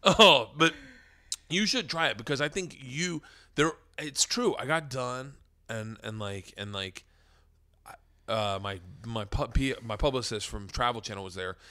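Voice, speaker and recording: A man telling an animated story as a podcast guest, excitable and profane, often laughing and shouting. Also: mid-range voice, moderate pace. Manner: fathers children.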